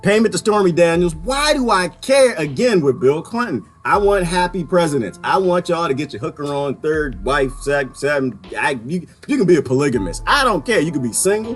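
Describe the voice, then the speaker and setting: A man delivers a sarcastic political rant on his own, his voice sitting a little high and bouncing all over the place. He keeps breaking into shrill, mocking impressions to make his point. Faint music plays quietly behind him. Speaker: political commentator. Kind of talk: ranting solo commentary.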